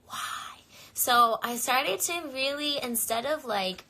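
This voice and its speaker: A woman's voice: sits high, lively intonation, a little slow, bright, forceful tone. A young woman talking candidly to viewers on a phone livestream, chatty and full of fillers. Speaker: singer on a livestream. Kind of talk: casual livestream chat.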